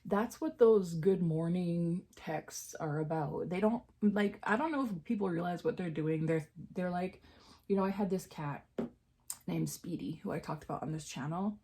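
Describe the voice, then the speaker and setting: A woman vlogger chatting candidly while doing her makeup, jumping up in pitch at times and dropping into half-whispered asides. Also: normal speed, dark tone.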